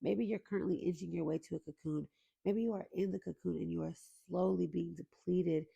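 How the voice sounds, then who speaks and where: A woman's voice: on the low side, fairly even intonation, brisk, gravelly, warm tone, husky, lo-fi sound. A young adult woman hosting a faith podcast, talking in an earnest, emotional way straight to her listeners. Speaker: podcast host. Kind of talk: heartfelt faith podcast intro.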